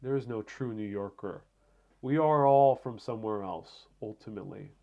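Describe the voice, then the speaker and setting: Heard through a muffled recording, a Puerto Rican man with a lowish, gravelly voice speaks at a moderate pace. He hosts a live stream from his home, chatting casually and answering comments in a rambling way with frequent fillers and restarts.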